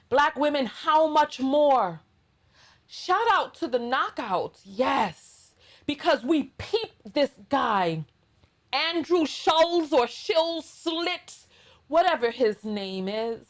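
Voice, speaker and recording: Brief: middle-aged New York woman, high voice, slow, emphatic drawl, blunt sassy commentary host. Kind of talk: reaction commentary monologue.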